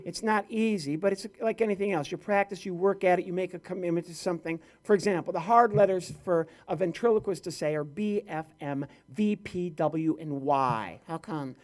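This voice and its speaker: Brief: male comedian, live event set, slightly high voice, playful crowd work. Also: moderate pace, hardly any pauses. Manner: playful, banters with the audience. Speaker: ventriloquist comedian. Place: event hall.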